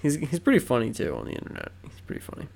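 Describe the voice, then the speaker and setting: Young male podcast co-host, gravelly, loose and rambly, casual swearing. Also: medium pitch, huge pitch swings, rapid-fire, a little mellow. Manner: rambling, swears, lots of fillers and restarts. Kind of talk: casual chat.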